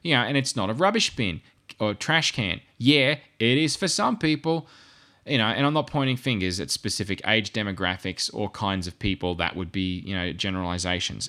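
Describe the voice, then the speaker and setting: Guy rambling on a podcast, catches himself and corrects, punchy bright voice. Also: lowish voice. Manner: rambling and self-correcting, with asides. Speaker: podcast co-host. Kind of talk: casual podcast discussion.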